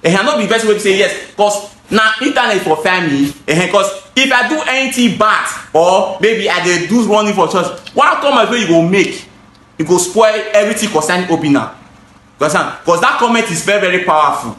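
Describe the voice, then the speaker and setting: A man's voice: sits high, animated, fairly quick, pushed and bright, roomy sound. A man with a Nigerian accent, a gutter installer and seller, casually explaining his products to the camera in an emphatic, repetitive way. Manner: emphatic, repeats phrases, switches into pidgin.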